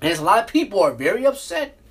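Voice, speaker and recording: A woman's voice: medium pitch, big pitch swings, fast. A woman hosting a podcast, ranting about politics in a heated, repetitive, preachy way, full of rhetorical questions. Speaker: podcast host. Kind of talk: ranting political commentary monologue.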